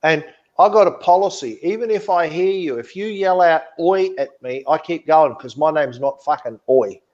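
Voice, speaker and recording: A man's voice: fairly high pitch, normal speed, darkish tone, highs cut off. A man telling a story in casual podcast chat, blunt and indignant, swearing freely. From Australia. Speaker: podcast co-host.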